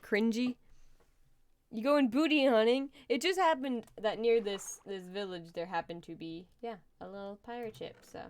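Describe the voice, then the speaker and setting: Young adult woman streamer, smooth resonant voice, chatty and giggly while she plays. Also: a little high, normal speed. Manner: chatty, laughs often, thinks aloud while playing. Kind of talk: casual live gaming stream chat.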